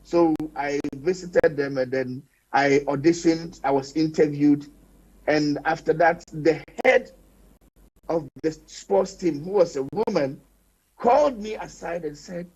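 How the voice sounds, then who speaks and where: A man speaking as a panelist on a TV talk show, telling stories in an animated, emphatic way. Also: on the high side, a little slow, slightly rough. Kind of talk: panel discussion. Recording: dull lo-fi broadcast sound.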